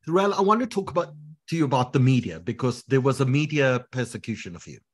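A man's voice: medium pitch, sing-song, fast, slightly rough. A man hosting an online panel interview, steering the talk between guests in a conversational way over a video call.

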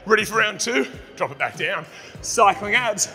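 A man's voice: high voice, lively intonation, moderate pace, pushed and bright. Upbeat Australian man coaching a workout. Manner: upbeat, encouraging, calls out counts and cues. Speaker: fitness instructor. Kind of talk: coaching a follow-along workout. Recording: long reverb, music behind.

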